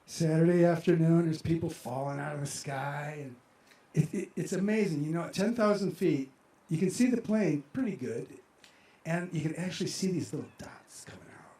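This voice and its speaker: A man in his sixties telling a personal story live to an audience at an outdoor amphitheater, animated and emotional as he acts out his own reactions. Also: a little high, normal speed, echoey room.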